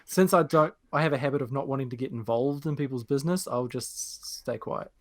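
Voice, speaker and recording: A man's voice: mid-range voice, fairly quick. Male player at a game table, jokey and casual. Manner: joking, playful.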